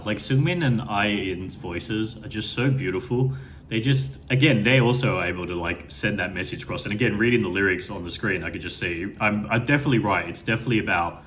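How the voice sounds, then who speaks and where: A man's voice: fairly low pitch, a little fast, fairly bright tone, slight background noise. A man giving an unscripted first-time reaction to a music video, rambling with enthusiasm and plenty of fillers and restarts.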